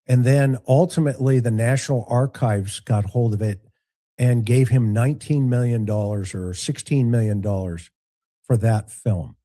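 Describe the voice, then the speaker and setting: A man giving opinionated commentary on a livestream, deliberate, with rhetorical questions. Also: mid-range voice, mellow.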